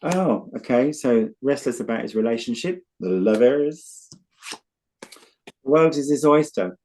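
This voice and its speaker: A man's voice: medium pitch, animated, takes it slowly, darkish tone, a little hiss or hum. Chatty British man, blunt storyteller. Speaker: tarot reader guest. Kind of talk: casual chat and tarot reading.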